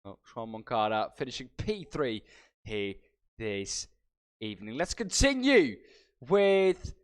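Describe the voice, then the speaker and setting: A man, a race commentator, putting brisk questions to drivers after a race. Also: mid-range voice, sing-song, clean tone. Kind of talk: post-race interview.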